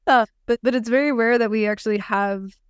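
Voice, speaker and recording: A woman's voice: on the high side, fairly even intonation, brisk, smooth, no echo, clean studio sound. A woman in her thirties, a somatic practitioner and podcast guest, talking in a reflective way with frequent laughs and restarts. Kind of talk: casual podcast conversation.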